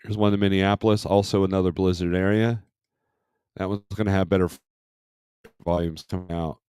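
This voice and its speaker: A man's voice: low voice, fairly even intonation, a little fast, darkish tone, clear, resonant tone, no echo, clean studio sound. A man hosting a casual trucking livestream, rambling as he reads load listings aloud and comments on them. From Michigan.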